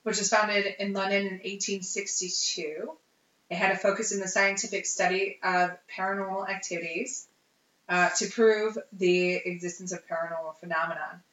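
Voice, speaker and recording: A woman with a mid-range voice co-hosts a podcast, speaking at a moderate pace as she chats casually and lively about history, sprinkling in plenty of ums and uhs. The recording sounds roomy, dull, and lo-fi.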